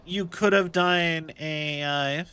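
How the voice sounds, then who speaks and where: A man's voice: a little high, takes it slowly, sharp tone, clear, resonant tone. A man streaming a game, chatting casually and rambling as he thinks aloud. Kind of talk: casual live gameplay commentary.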